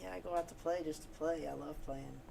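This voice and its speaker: A woman musician as a guest, talking in a low-key, halting way. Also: steady tone, creaky, crowd noise, rough recording. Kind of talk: casual chat.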